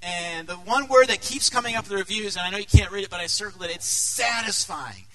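A middle-aged man preaching a sermon as pastor, earnest, dropping to a hush and then rising to loud, emphatic peaks. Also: sits high, a little fast, low-quality recording.

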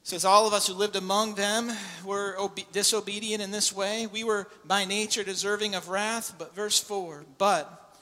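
A man's voice: high-pitched, level tone, normal speed. Preacher man in an echoing hall. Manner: builds to loud impassioned preaching. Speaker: pastor. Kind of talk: sermon. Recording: long echo in a large hall.

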